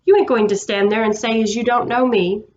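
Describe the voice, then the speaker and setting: A woman voicing a gruff working-class cab driver in a storybook reading, blustering and indignant. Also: fairly high pitch, fairly even intonation, brisk, a little mellow, dull audio, a little hiss or hum, close to an everyday voice.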